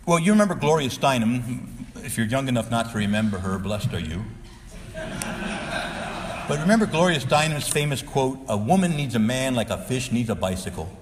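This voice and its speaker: A man's voice: medium pitch, long reverb tail, noisy background. A male Catholic priest preaching a sermon, earnest and exhorting, sometimes pleading with his listeners.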